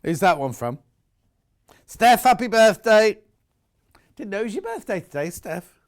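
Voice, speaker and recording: A man's voice: sits high, very animated, measured pace. A middle-aged man presenting products live on a home shopping channel, chatty, enthusiastic and jokey about himself.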